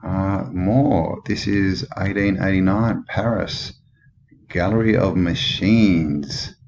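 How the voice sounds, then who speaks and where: A low-pitched Australian man, the host of a channel, takes his time with a rambling commentary over old photos. Musing and skeptical, he thinks aloud and asks many questions. The recording is dull and lo-fi with clear background noise.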